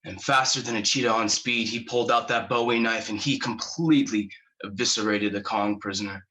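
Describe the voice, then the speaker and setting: Guy acting a haunted war vet, slow halting telling, lowish bright voice. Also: steady tone, low-quality recording. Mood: grim. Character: haunted male war veteran recounting horror. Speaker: actor performing a monologue. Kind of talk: dramatic monologue.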